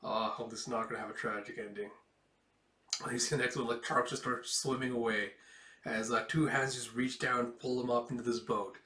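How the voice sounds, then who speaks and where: A man giving excitable, casual read-along commentary on a comic, laughing often. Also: mid-range voice, fairly quick, roomy sound. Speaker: comic reviewer.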